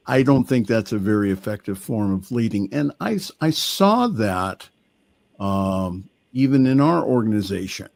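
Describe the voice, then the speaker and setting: A man's voice: mid-range voice, lively intonation, gravelly, darkish tone, no echo. Dry-sounding man on a video call. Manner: measured, repeats "again" and "you know". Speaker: fill-in co-host and minister. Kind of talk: casual conversation on a call.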